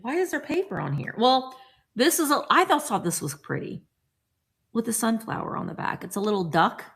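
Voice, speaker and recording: A woman's voice: fairly high pitch, sing-song, moderate pace, vocal fry, fairly bright tone. A woman hosting a live-chat vlog, showing thrifted finds and chatting casually with viewers by name. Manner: chatty, reads out viewer names, playful voices. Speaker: vintage reseller host.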